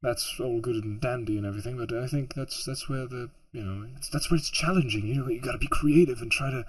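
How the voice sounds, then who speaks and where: Rambling, husky-voiced man. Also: medium pitch, quick pace. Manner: rambling, many fillers and restarts. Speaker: audiobook producer. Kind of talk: casual self-interview.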